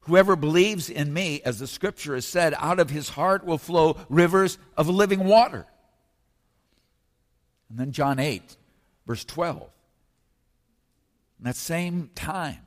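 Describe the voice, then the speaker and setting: A man preaching a sermon as pastor, slowing down and lifting his voice when he quotes scripture. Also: a little high. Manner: emphatic preaching, slows and rises on scripture. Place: church sanctuary. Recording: long reverb of a church hall.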